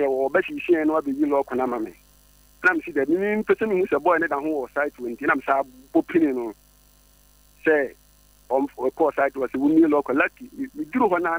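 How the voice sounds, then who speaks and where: A man calling into a radio show, telling a personal story with excited stammering and sudden high jumps in his voice. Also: vocal fry, no echo, rough recording.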